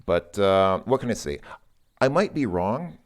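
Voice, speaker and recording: A man's voice: on the low side, very animated, measured pace. A man who is not a native Russian speaker, casually explaining how to pronounce a sound, rambling and correcting himself as he thinks aloud. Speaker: language learner explaining pronunciation.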